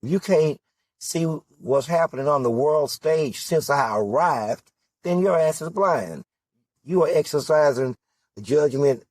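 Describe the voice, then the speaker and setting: A man's voice: fairly high pitch, darkish tone, dry recording. A man giving an impassioned political monologue, full of rhetorical questions and emphatic repetition. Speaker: political candidate.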